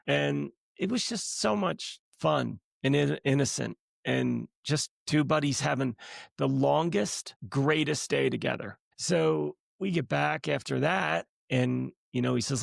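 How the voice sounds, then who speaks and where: Man, middle-aged, heavy vocal fry, casual storytelling, acts out quotes, dry close sound. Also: a little high, unhurried, no echo. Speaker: guest, the host's husband. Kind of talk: casual storytelling in a podcast conversation.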